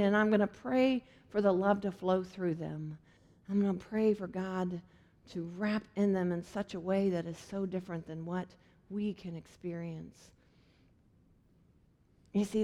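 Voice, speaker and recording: A woman gives a sermon with a slightly high voice, talking in an earnest, chatty way and slipping in playful asides. Her voice rings out with a long reverb, as if in a big church hall. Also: a little mellow. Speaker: preacher.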